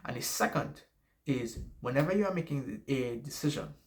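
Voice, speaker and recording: A man's voice: mid-range voice, lively intonation, moderate pace. A man with a noticeable accent giving casual life advice to camera, rambling, correcting himself and swearing freely. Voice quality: noticeable non-native accent.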